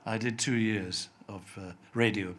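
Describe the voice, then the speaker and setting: An older man from Scotland with a softened Scottish accent, a TV writer telling anecdotes as an interview guest and acting out the voices of people he quotes. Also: on the low side, steady tone, a little slow. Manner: chatty storyteller, acts out quoted voices, laughs often.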